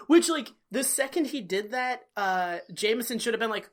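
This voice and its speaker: A woman co-hosting a casual podcast, recapping an old TV episode in a profane, animated way and slipping into quick impressions. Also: a little high. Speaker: podcast co-host.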